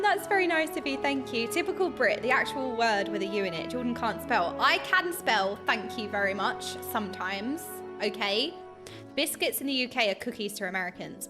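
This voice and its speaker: A young British woman with a British accent chatting animatedly while streaming a game, bursting into laughs and mock outrage. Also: medium pitch. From United Kingdom.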